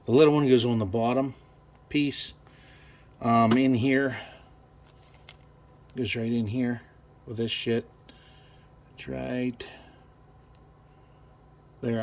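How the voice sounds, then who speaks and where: A man's voice: medium pitch, a little hiss or hum. Cussing man rebuilding a carburetor. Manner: profane, rambling, thinks aloud. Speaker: garage owner rebuilding a carburetor. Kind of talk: casual workshop how-to. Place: home garage workshop.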